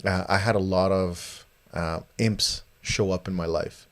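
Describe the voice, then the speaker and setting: A man's voice: sits low, fairly even intonation, unhurried, fairly bright tone, no room sound. A man hosting a podcast in casual chat, rambling with many fillers and restarts. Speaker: podcast host.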